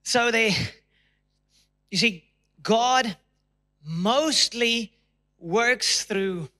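A man's voice: very high-pitched, very slow, sharp tone. A man preaching a sermon to his church congregation, emphatic, and acting out people's prayers in a raised, pleading voice. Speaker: pastor. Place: church auditorium.

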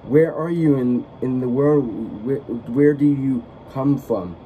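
A man voicing an overjoyed elderly farm aunt in a storybook reading, halting and repeating his words. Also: medium pitch, phone-quality sound, slight background noise, lightly acted. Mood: astonished.

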